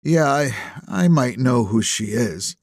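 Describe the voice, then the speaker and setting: A man voicing a tense attorney being questioned by police, guarded and quick with retorts. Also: mid-range voice, lively intonation, darkish tone, no echo, clean studio sound.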